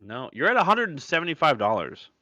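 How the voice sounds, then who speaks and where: A man chatting casually on a stream from his craft room, animated and jokey, swearing freely. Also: on the high side, quick pace, dry recording, studio quality. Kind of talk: casual chat.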